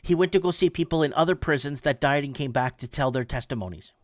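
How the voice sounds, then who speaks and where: A man in his forties telling a story in a casual, animated way, often repeating words for emphasis. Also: mid-range voice, quick pace, no echo, clean studio sound. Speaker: podcast host.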